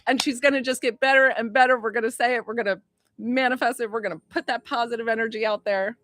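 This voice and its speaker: A woman psychic healer chatting on a livestream, excitable and rambling, swearing now and then. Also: on the high side, fast talker, a little hiss or hum. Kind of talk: casual livestream chat with viewers.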